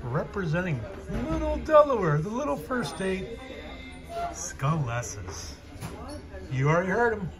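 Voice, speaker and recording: A man's voice: high-pitched, very animated, unhurried. A man hosting a casual food-review show, upbeat and joking, with announcer-style callouts.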